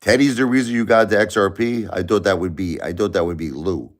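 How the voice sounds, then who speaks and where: Deep-voiced man rambling on a live stream. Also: fairly quick. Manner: rambling, repeats himself, talks to chat by name. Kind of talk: casual late-night live stream chat. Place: home at night, family asleep.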